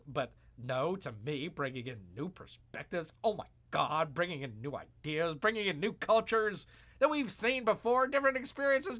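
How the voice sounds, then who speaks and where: A man hosting a live stream, commenting with sarcasm and mock exasperation. His voice is bright and sits a little high, and his pitch swings widely from line to line. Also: big pitch swings, moderate pace. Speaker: streamer host.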